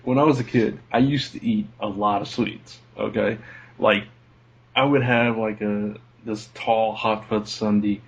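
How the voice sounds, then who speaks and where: Low-voiced rambling podcast man. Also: fairly even intonation, measured pace, breathy edge, dull audio. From lives in Kentucky, not born there. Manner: laughs often, rambles off on sidetracks. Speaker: podcast co-host. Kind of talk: casual chat.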